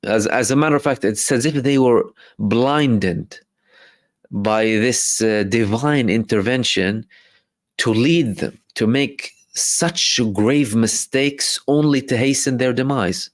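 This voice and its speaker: Speaking slowly in a mid-range voice, this live-stream host reads chat questions aloud and explains his answers in a rambling way, often restarting and using fillers. It's casual commentary, recorded dry.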